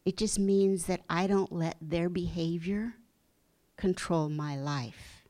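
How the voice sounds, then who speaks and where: A woman giving a gentle, earnest inspirational talk, dropping into soft whispers for emphasis. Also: fairly low pitch, steady tone, slow. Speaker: spiritual speaker.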